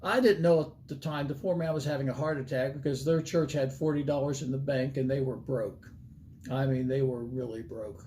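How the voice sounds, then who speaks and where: A man's voice: medium pitch, fairly even intonation, moderate pace, warm tone, slight background noise. An older man, an evangelist, telling a folksy story in a sermon and acting out the dialogue with animation.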